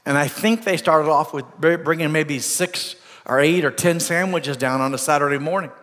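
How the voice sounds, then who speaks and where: A man's voice: a little high, moderate pace, fairly bright tone, long reverb tail. A man with an American accent preaching a sermon as pastor, telling a story earnestly with repeated phrases. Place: church sanctuary.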